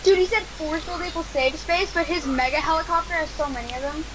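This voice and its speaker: A woman's voice: high-pitched, quick pace, a little hiss or hum, poor audio. A woman co-hosting a game stream, rambling and teasing in casual chat.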